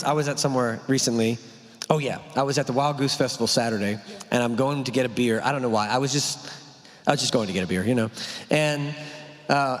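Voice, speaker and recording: A male pastor, talking through a sermon in a conversational way, full of rhetorical questions and "right?". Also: medium pitch. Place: church hall. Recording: long hall reverb.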